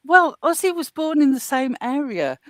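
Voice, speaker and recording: A woman from the English Midlands with a slightly softened Midlands accent, chatting as a co-host in a dry, sarcastic, mock-indignant way. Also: high-pitched, big pitch swings, moderate pace, dry recording. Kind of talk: casual podcast chat.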